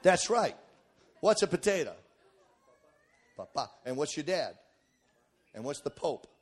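A middle-aged male preacher with a drawl delivers a sermon in a slightly higher-than-usual voice. He hammers points home at full shout, then drops to low, folksy asides and jokes. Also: sing-song, moderate pace, some chatter behind. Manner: emphatic, swings from shouting to quiet asides.

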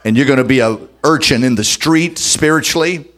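A man preaching a sermon as pastor, emphatic and dramatic, speeding up and slowing down for effect. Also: medium pitch, fairly bright tone.

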